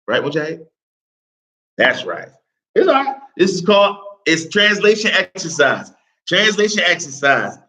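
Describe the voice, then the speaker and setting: A man's voice: fairly high pitch, bright, forceful tone, rough recording. A man teaching an Arabic class, talking casually, repeating phrases and asking his students questions. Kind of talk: live classroom lesson.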